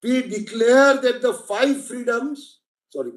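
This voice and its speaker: A man's voice: very high-pitched, takes it slowly. A man with an Indian English accent arguing a case before judges in court, emphatic and persistently addressing the bench as my lord. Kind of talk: courtroom legal argument. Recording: echoey courtroom.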